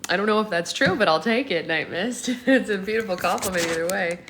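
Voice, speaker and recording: A young woman hosting a casual livestream, chatting with viewers and reading their comments out loud in a playful, rambling way. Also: medium pitch, brisk, echoey room, slight background noise. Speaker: livestream host.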